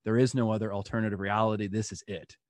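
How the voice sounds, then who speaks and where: A man being interviewed, telling personal stories in an animated way and laughing as he goes. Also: on the low side, fast talker, no room sound, studio quality. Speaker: guest. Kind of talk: storytelling interview.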